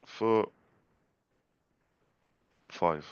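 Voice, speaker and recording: A man's voice: lowish voice, lively intonation, slow, pauses often, smooth, dry recording, highs cut off. A young man making sales calls and chatting casually to camera, polite and chatty, with frequent stammered restarts. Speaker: small business owner making sales calls. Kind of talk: casual vlog with live phone calls.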